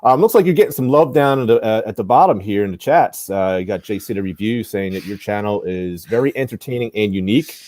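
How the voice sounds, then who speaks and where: A man from the United States hosting a live online show, chatting in a relaxed way and reading comments from the live chat. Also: lowish voice, fast talker, hardly any pauses. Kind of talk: casual interview chat.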